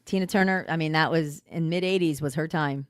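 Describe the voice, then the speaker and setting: A woman in her fifties co-hosting a podcast in casual chat, animated and swearing freely. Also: low-pitched, brisk, no echo, studio quality. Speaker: podcast co-host.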